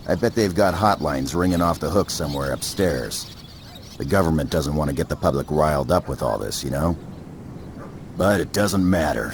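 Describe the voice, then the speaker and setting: An actor playing a gruff, cynical fighter squadron captain in a game cutscene, talking bluntly. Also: male voice, rumbling low, a little hiss or hum.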